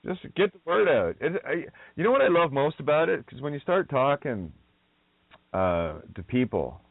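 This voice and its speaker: A man's voice: on the high side, big pitch swings, normal speed, vocal fry, dry recording. A man hosting a radio talk, speaking bluntly and nonchalantly, drifting off topic and swearing. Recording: dry tinny phone-quality audio.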